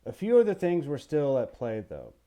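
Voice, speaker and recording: Mellow-voiced man lecturing on history. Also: mid-range voice, normal speed. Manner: animated, playful, acts out voices and asks the listener questions. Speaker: history teacher.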